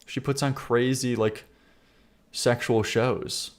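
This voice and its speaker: A man's voice: mid-range voice, fairly even intonation, takes it slowly. A male streamer chats loosely while he reacts to submissions live. He rambles, restarts his sentences and stammers, and laughs often. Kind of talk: casual live-stream chat.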